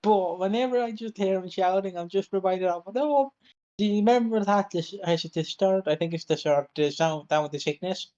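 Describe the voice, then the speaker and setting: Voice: mid-range voice, normal speed, mellow. Blunt podcast co-host with a dull, lo-fi sound. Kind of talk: casual podcast chat.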